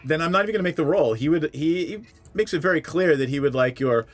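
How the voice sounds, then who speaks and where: A man's voice: on the high side, fast talker, soft background music. A man narrating as dungeon master of a tabletop game, loose and joking.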